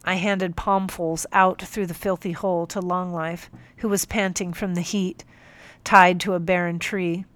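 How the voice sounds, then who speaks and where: A woman narrating a first-person audiobook in a calm, measured storytelling manner on a close microphone. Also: on the low side.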